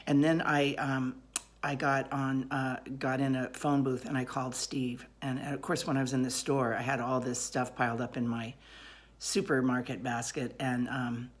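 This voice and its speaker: A woman telling a personal story aloud in an animated, rambling way, with many pauses and fillers. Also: extremely low pitch.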